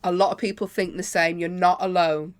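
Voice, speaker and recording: A woman's voice: lowish voice, little pitch movement. Woman on a podcast, teasing and poking at the story. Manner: teasing, quick follow-up questions. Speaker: podcast co-host. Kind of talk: casual chat.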